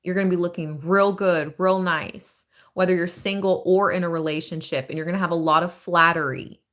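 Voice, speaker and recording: A woman giving a casual live-stream tarot reading, chatty and thinking aloud with drawn-out phrases. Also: lowish voice, steady tone, a bit bright. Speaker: tarot reader.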